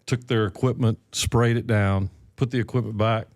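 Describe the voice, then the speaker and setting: A middle-aged man, a podcast co-host, telling relaxed, folksy stories in casual chat. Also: lowish voice, moderate pace, no echo, clean studio sound. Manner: relaxed storyteller, folksy and self-deprecating.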